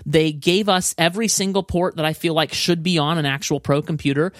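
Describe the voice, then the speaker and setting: A man co-hosting a casual tech chat, excitable and enthusiastic, often restarting his sentences. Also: a little high, fairly quick, no echo, clean studio sound. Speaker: podcast co-host.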